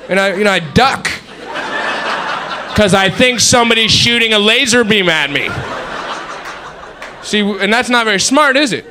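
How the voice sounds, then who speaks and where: A man's voice: high-pitched, expressive, brisk, pauses often, background noise. A man telling a rambling, self-mocking stand-up story and adding his own sound effects. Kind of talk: stand-up monologue.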